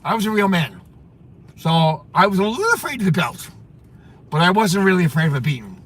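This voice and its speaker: High, animated man rambling in a car. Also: a little fast. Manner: rambling, repeats himself, laughs at his own story. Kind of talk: casual storytelling chat.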